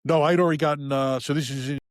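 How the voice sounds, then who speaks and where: A man in his fifties, a retired police officer, telling his own story as a podcast guest, frank and profane, with halting restarts. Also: fairly high pitch, fairly even intonation, dry recording, studio quality. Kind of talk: candid personal storytelling.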